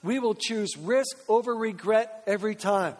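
A man preaching as a pastor, energetic and repetitive as he urges the congregation on. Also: sits high, moderate pace, noisy background. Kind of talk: sermon. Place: large church sanctuary. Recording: long reverb of a church hall.

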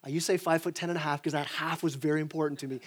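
Pastor, male, fairly high voice, lively sermon delivery, restarts phrases, works the room. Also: rapid-fire. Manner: animated, repeats words when starting sentences, acts out voices. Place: church sanctuary.

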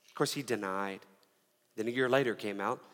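A man's voice: on the low side, fairly quick, fairly bright tone. A middle-aged man preaching a sermon as pastor, telling a story with frequent restarts and repeated words. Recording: long reverb of a large hall.

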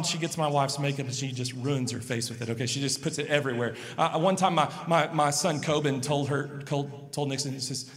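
A man in his thirties preaching in a sanctuary, with a fairly high voice. He tells stories and swings from hushed lines to loud ones. His words ring out with a long hall reverb. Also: a little fast, hardly any pauses. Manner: storytelling, swings between soft and loud emphasis. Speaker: pastor. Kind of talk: sermon.

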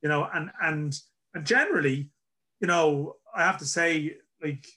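A man hosts a podcast in a slightly high, bright voice. He rambles through his points in casual chat. He pokes fun at himself. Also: unhurried. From Ireland. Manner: self-deprecating, rambling. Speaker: podcast host.

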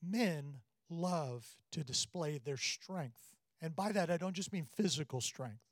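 A man's voice: on the high side, slow, no room sound. A middle-aged man preaching, telling stories from family life and acting out the voices in his anecdotes. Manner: storytelling, animated when quoting. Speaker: pastor. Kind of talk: sermon.

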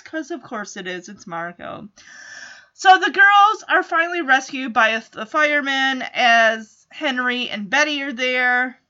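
A woman casually recaps an old TV episode for her viewers, chatty and wry throughout. Her voice is high and bright, and the recording sounds slightly dull. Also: animated, unhurried. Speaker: TV show recap host.

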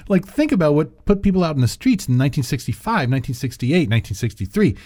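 A man co-hosting a podcast in casual chat, dropping wry deadpan asides and rambling into rants. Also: a little high, fast talker, no echo. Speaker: podcast co-host.

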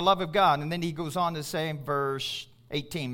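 A man's voice: a little high, steady tone, normal speed, hardly any pauses, bright, forceful tone. A middle-aged male pastor preaching a sermon, emphatic and calling out to his congregation.

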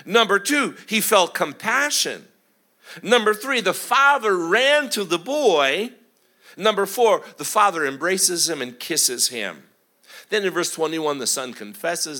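Speaking a little slowly, a middle-aged man preaching as a guest tells story after story in an animated sermon, his delivery swinging from booming to hushed.

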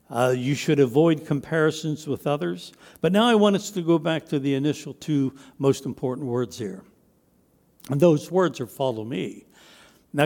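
A man's voice: a little high, darkish tone, big-room sound. A man preaching a sermon as pastor, emphatic, with his voice rising and dropping to stress his points.

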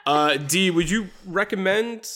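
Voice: medium pitch, unhurried. A podcast host chatting casually about a movie, laughing often and restarting sentences. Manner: animated, laughing, stumbling restarts. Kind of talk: casual movie review chat.

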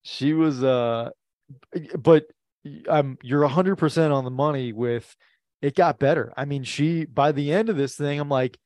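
A man's voice: on the high side, a little slow, darkish tone, dry recording. A man co-hosting a podcast, rambling casually about a comedy special, with frequent restarts and easy laughs. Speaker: podcast co-host. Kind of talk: casual chat reviewing comedy.

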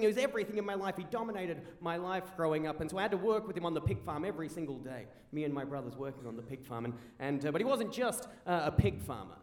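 A young Australian man telling an animated stand-up story on stage, raising his voice at the punchlines. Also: high-pitched. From rural South Australia. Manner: animated, rising to shouts at punchlines. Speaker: stand-up comedian. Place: live comedy venue. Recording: roomy live venue.

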